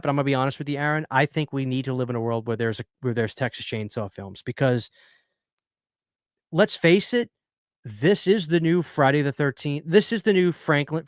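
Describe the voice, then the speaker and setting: Speaking on the high side with a fairly bright, clear and resonant tone, this stream host talks earnestly and reads out messages from his chat. The recording is dry and clean, like a studio.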